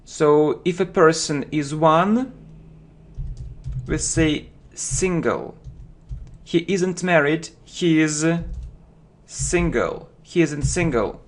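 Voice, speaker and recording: Very slow, deliberate male English teacher. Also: on the high side, animated. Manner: slow, deliberate, repeats words for learners. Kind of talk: slow vocabulary lesson for learners.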